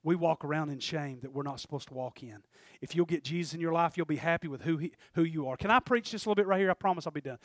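A middle-aged preacher man delivering a sermon. His voice sits high and sounds bright and sharp. He keeps asking the crowd for amens and climbs to shouting at the peaks. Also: dry recording, studio quality.

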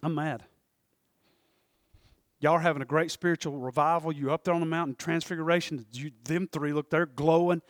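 A male pastor preaching a sermon, moving from quiet scripture reading to shouted, fervent passages. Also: steady tone, normal speed, no echo, studio quality. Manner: swings from low reading to shouting fervor.

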